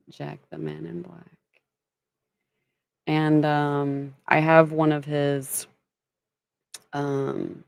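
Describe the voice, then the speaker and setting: A woman's voice: sits low, gravelly, darkish tone, no room sound. A woman from Kentucky hosting a casual livestream, chatting and greeting viewers by name as she talks. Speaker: livestream host.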